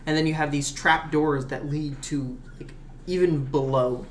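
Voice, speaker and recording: A man runs a tabletop game and talks through the layout in a loose, hesitant way, pausing on fillers. The room around him echoes, and a faint hum sits underneath. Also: on the high side, steady tone. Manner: casual, hesitant with many fillers. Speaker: game master. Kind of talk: explaining a tabletop game map.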